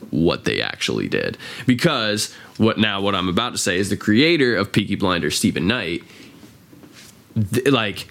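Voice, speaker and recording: A man's voice: on the low side, fairly bright tone. An American man hosting a casual podcast, rambling and swearing freely, with lots of fillers. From United States. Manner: rambling, profane, filler-heavy. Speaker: podcast host. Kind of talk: casual chat.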